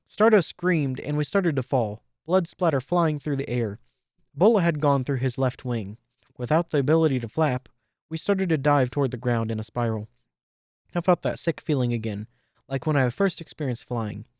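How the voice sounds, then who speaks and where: A man reading fan fiction aloud in steady first-person storytelling. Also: medium pitch, moderate pace, dry recording, studio quality. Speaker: audiobook reader.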